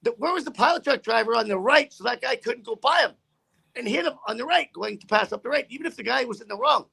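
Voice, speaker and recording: A man's voice: very high voice, lively intonation, fast talker, gravelly, bright, forceful tone, breathy edge. A man who drives trucks, telling a story in a casual interview with a profane, rambling, heated manner.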